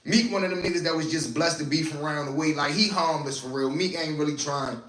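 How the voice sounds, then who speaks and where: A man's voice: a little high, quick pace, a bit bright, slight background noise. A man with a Baltimore accent hosting a casual, profane commentary stream in laid-back slang. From West Baltimore. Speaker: channel host. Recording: roomy echo, distant mic.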